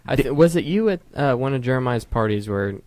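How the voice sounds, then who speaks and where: A man's voice: mid-range voice, lively intonation, a little fast, darkish tone, no echo. A young man co-hosting a podcast from home, telling long rambling stories in casual chat. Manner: rambling storyteller. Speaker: podcast co-host.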